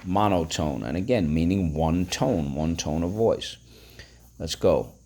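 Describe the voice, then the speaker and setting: A man's voice: low-pitched, measured pace, dark tone. A man teaching a phonics lesson, breaking words into syllables and prompting listeners to repeat.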